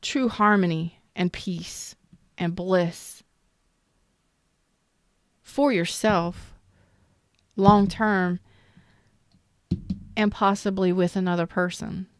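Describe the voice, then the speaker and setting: Extremely slow and pausing often, a woman with a lowish, steady voice gives a live-streamed tarot reading. She's candid and intensely emotional, swears freely, and greets viewers in the chat, recorded in clean studio sound without echo.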